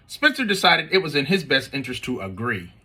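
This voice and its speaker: Expressive man reading a storybook. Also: medium pitch, brisk, slightly rough. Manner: expressive, chatty.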